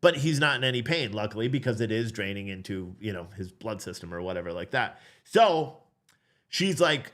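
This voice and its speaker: A man who is a father, telling a story in a casual, animated way, blunt and swearing, acting out the voices in it. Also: on the low side, normal speed. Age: adult father. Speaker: vlogger.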